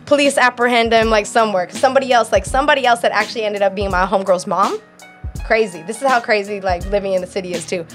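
A woman's voice: medium pitch, fast talker, soft background music. A woman in casual chat, telling a story with lots of laughter and cursing. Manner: animated storytelling, frequent laughter, profanity.

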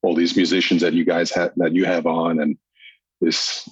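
Deep husky laid-back man. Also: level tone, normal speed, no room sound, dull audio. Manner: laid-back, leans on "you know", friendly. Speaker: police detective guest. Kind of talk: casual chat.

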